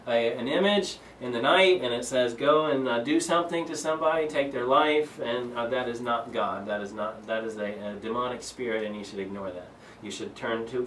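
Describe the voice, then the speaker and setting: A man's voice: medium pitch, fairly bright tone, echoey room, recorded from a distance, slight background noise, rough recording. A man leading a Bible study, reading scripture aloud and explaining it earnestly, with many fillers and restarts. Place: church room.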